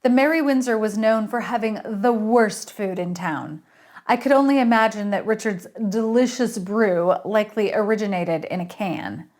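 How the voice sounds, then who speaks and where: A woman, an author, reading her novel aloud in an expressive, lively way. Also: mid-range voice, moderate pace.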